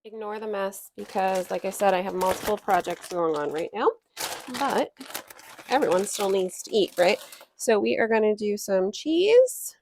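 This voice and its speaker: A woman in her thirties talks through dinner prep in her home kitchen, chatty and relaxed with small laughs and fillers. Her voice sits at a middling pitch, easy and unforced. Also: moderate pace, noisy background. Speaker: homestead cooking vlogger. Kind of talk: casual cooking vlog narration.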